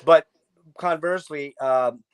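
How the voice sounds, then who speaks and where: Male podcast host, higher voice, chatty fan energy, rambling questions. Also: takes it slowly, clean tone. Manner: enthusiastic, chatty fan, long wandering questions. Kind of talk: casual interview chat.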